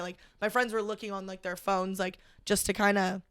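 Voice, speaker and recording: A young woman, a podcast guest, recounting a personal story in casual conversation, halting and full of "like". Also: medium pitch, level tone, a bit bright, smooth, no echo, clean studio sound. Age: young adult. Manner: halting, heavy use of "like", emotional retelling.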